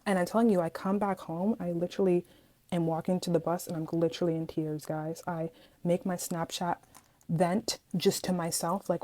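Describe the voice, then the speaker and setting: This vlogger, a young woman with a lowish voice, chats fairly quickly through a casual storytime, animated and full of dramatic asides aimed at her viewers, whom she calls guys. The recording quality is low.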